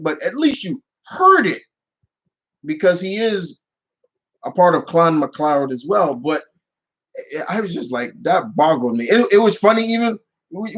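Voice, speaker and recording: A man's voice: sits high, a bit bright, dull audio. A man casually answering viewer questions on his channel, rambling with many restarts and fillers. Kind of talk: casual live Q&A chat.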